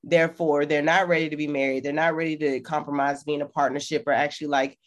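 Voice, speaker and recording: Woman, podcast co-host, casual chat, frank, emphatic, lowish voice. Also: little pitch movement, quick pace.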